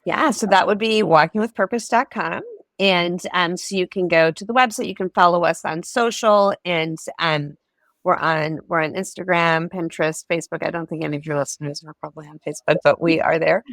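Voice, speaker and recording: A woman's voice: lowish voice, fairly quick, fairly bright tone, no room sound, clean studio sound. A middle-aged woman speaking as a podcast guest in casual interview chat, offering earnest encouragement. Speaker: podcast guest, ministry founder.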